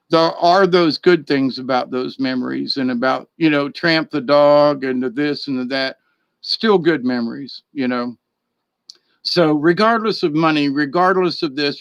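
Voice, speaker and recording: Man vlogger, rambling chuckling storyteller, higher voice, dry close sound. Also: a bit bright, dry recording, lo-fi sound. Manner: rambling, chuckling, repeats words. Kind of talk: casual storytelling.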